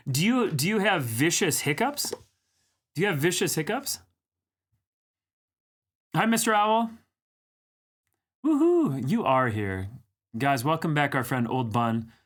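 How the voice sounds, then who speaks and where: A livestream host with a slightly high, somewhat bright voice chats casually with his audience. He greets viewers and reads their comments aloud, teasing them as he goes.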